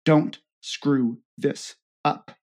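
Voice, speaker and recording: A man's voice: fairly high pitch, steady tone, drawn-out words, darkish tone. A man voicing a stern female spy agency director who speaks curtly and commandingly. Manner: curt, commanding.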